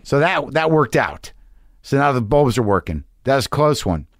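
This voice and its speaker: A man's voice: medium pitch, big pitch swings, moderate pace, gravelly, no room sound, clean studio sound. Profane, anxious man telling a story. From New Jersey. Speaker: podcast host. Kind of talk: rambling comic monologue.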